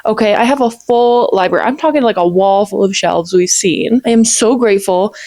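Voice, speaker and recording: A woman's voice: mid-range voice, a little fast, mellow, dry recording. A woman, chatting eagerly to camera as a book vlogger, gushing and peppered with "like". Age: 20s. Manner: bubbly and gushing, many "like"s. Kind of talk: casual chat to camera.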